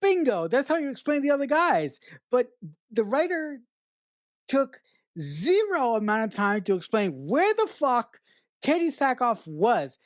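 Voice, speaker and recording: A woman's voice: high-pitched, big pitch swings, a little slow, dry recording. A woman co-hosting a podcast, picking apart a film in blunt, exasperated casual talk full of swearing. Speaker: podcast co-host. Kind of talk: casual film review chat.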